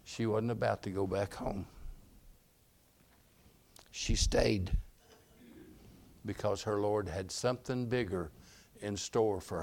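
A man preaching a sermon, moving between quiet storytelling and loud, emphatic bursts. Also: lowish voice. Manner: emphatic, swings from soft storytelling to loud exclamations.

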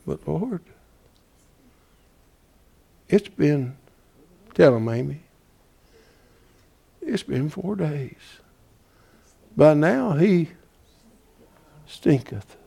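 A male preacher delivering a folksy, dramatic sermon, swinging between hushed whispers and shouts. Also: fairly high pitch, gravelly, husky.

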